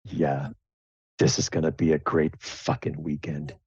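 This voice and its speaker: A man voicing a gruff, disapproving middle-aged father who speaks tersely and grudgingly. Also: a bass voice, little pitch movement, unhurried, a little mellow, no echo, lo-fi sound, exaggerated voice.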